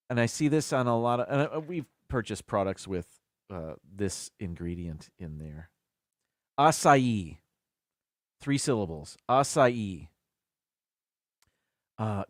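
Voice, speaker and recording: A man's voice: on the low side, a little mellow, no room sound, clean studio sound. A man hosting a casual live stream by himself, chatting as he thinks aloud. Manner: chatty, muses aloud about word pronunciations.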